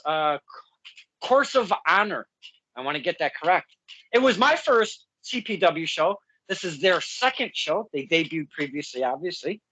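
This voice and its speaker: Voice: mid-range voice, bright, forceful tone, dry recording, low-quality recording. A podcast host conducting a casual interview, talking animatedly and often laughing mid-sentence.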